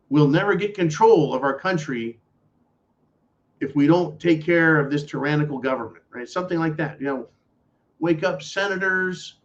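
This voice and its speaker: A man rants on his own talk show, blunt, angry and full of profanity. His voice sits a little high for a man. The audio is muffled and lo-fi. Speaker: podcast host. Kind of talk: political commentary rant. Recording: dull lo-fi audio.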